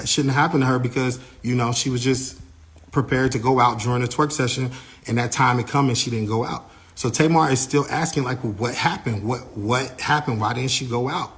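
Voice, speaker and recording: A man recounts a dramatic backstage event in a loose, conversational way. He is animated, slips into other people's lines as he tells it, and his speech is full of "like" fillers. His voice sits at an ordinary middle pitch for a man. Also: moderate pace. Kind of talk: casual first-person storytelling.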